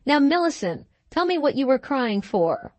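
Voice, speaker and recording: A woman reading the part of a drunken, brutish young gentleman who shouts and blusters, in an audiobook. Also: sits high, big pitch swings, normal speed, no echo. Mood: blustering.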